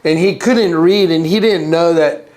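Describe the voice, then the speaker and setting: A man being interviewed, telling a story in an animated way, acting out the voices and laughing as he goes. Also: a little slow. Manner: acts out quotes with big pitch jumps and laughter. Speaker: interview guest.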